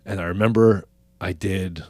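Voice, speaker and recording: Low-voiced mumbling male comedian. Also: steady tone, moderate pace, dry recording. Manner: mumbles, trailing off quietly. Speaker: stand-up comedian guest. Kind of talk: casual podcast chat.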